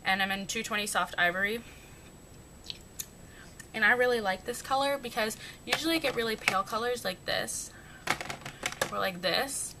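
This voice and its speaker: A woman's voice: normal speed, creaky, long pauses. A young woman chatting casually through her makeup routine, rambling and joking at herself. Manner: chatty, rambling, self-mocking. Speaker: beauty vlogger. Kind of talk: casual makeup tutorial chat. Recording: noisy home recording with rumble.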